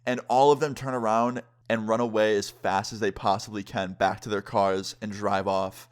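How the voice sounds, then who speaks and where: A man's voice: lowish voice, steady tone, normal speed. A young man telling a casual storytime as a vlogger, chatty, full of fillers, acting out what others said. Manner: acts out quotes of others.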